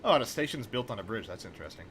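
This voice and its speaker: A man's voice: fairly low pitch, sing-song, rapid-fire, a bit bright, a little hiss or hum. A young man streaming a train simulator, chatting casually with rambling, profane, wry asides. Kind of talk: casual gameplay commentary.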